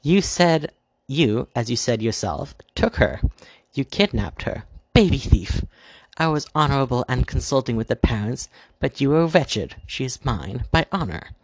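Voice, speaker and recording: A haughty queen of ice with a low, gravelly voice, as a man reads her lines. She snaps her words in a husky, dry tone, sharp-tongued and boastful, like in a storybook. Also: fairly even intonation, normal speed, no echo, rough recording. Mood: shouting. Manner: snapping and boastful.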